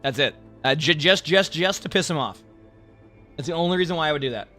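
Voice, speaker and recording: A man streaming, chatting casually with his live chat in an animated, sarcastic, rambling way. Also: fairly high pitch, brisk, soft background music. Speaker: game streamer.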